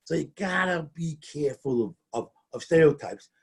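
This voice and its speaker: Gravelly-voiced male workplace trainer. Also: on the high side, animated, normal speed. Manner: conversational, repeats words when restarting. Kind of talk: training presentation.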